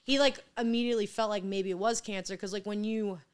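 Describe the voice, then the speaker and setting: A woman's voice: mid-range voice, fairly even intonation, a little fast, clean tone. A woman in her twenties talking as a guest in a casual conversation, telling stories with lots of "like". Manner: chatty storyteller, fills with "like".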